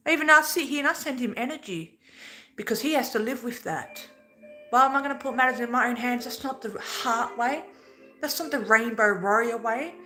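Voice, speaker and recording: Woman, casual spiritual talk, earnest, preachy, blunt, clear background music. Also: a little high, fairly bright tone, poor audio. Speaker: spiritual vlogger.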